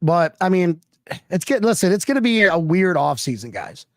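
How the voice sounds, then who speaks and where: Chatty, high-voiced male stream host. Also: very animated, normal speed, dry recording, studio quality. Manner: loose, rambling, profane, chatty with viewers. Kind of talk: live sports talk stream.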